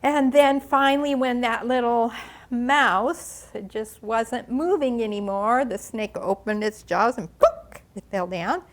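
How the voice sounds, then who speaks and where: An older woman, a ministry speaker, brings a children's story to life at a church gathering in an animated voice on the high side. She milks the suspense dramatically with gasps, sighs, and lengthy pauses.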